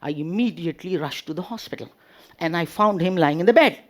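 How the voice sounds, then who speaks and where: A man giving a humorous motivational speech with drawn-out delivery and pauses before punchlines. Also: on the high side. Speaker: speech contest speaker.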